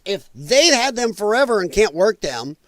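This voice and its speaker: A man's voice: high voice, very animated, moderate pace, no room sound. A man hosting a casual livestream, reacting to viewer comments, swearing freely and laughing often. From US Midwest. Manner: loud, profane, laughing often. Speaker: livestream host. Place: home, dog nearby.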